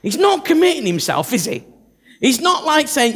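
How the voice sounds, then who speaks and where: Man preaching, lively pitch swings and a gravelly edge, jokey and self-mocking. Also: moderate pace. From north of England. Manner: humorous, self-deprecating, acts out Bible characters. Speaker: visiting preacher. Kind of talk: sermon.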